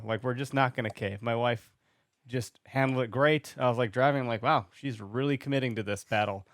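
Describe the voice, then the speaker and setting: A man co-hosting a podcast in a studio, chatting casually and telling stories with lively acted-out voices. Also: mid-range voice, brisk, dry recording. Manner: animated storyteller, acts out voices. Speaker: podcast co-host. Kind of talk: casual chat.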